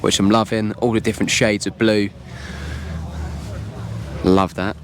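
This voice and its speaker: A man's voice: fairly low pitch, flat delivery, measured pace, a little hiss or hum. Enthusiastic man at a car show. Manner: enthusiastic, chatty, informal slang. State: slightly losing voice. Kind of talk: casual walkaround commentary.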